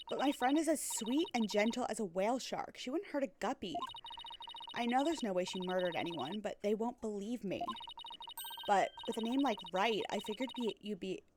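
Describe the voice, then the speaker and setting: A woman's voice: medium pitch, noisy background, close to an everyday voice. A woman doing a bubbly Valley Girl aquarium performer. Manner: Valley Girl voice, fish puns.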